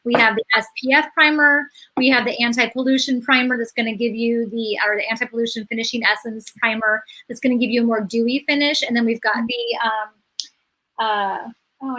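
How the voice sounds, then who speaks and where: A woman's voice: on the high side, sharp tone, low-quality recording. A woman explaining skincare products on a live beauty chat, in an explanatory way with many fillers. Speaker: skincare brand educator.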